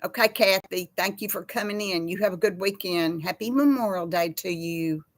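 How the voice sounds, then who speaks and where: A woman's voice: lowish voice, normal speed, no room sound. A middle-aged woman hosting a casual livestream chat, rambling from topic to topic and greeting viewers by name. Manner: rambling, chatty, laughs easily. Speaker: host.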